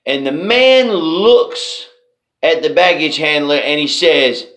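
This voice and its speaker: A man with a fairly high voice gives a motivational storytelling talk. He speaks slowly and deliberately and leans on repeated phrases. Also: expressive, fairly bright tone.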